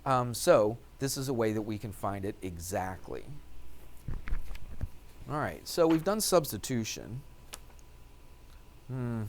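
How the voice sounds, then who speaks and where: A man's voice: medium pitch, very animated, takes it slowly, pauses often, slight background noise. A male math teacher talking through algebra steps, asking questions and answering them himself as he writes. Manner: talks while writing out steps. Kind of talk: classroom lecture.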